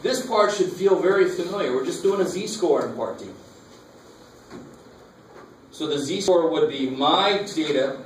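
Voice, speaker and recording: Man lecturing math, casual, fairly high voice, echoey classroom from far off, faint hum. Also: expressive, unhurried, pauses often. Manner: casual, asks the class questions. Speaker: math instructor.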